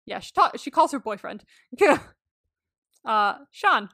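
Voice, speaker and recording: A woman's voice: on the high side, sing-song, slow, pushed and bright, dry recording, clean studio sound. A young woman co-hosting a podcast, chatting casually, laughing often and swearing freely as she gushes. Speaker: podcast co-host. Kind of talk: casual chat.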